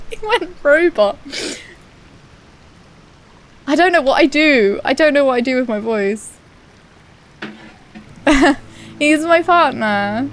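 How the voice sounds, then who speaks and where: Woman, game streamer, casual chat, giggly, faint music behind. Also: high voice. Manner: giggly, chatty with viewers.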